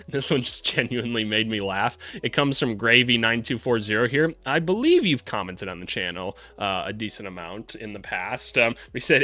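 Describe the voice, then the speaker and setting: A man's voice: lowish voice, brisk, few pauses, bright, forceful tone. A man, a former college coach, hosting a casual basketball vlog in a loose, rambling, joking way with some swearing.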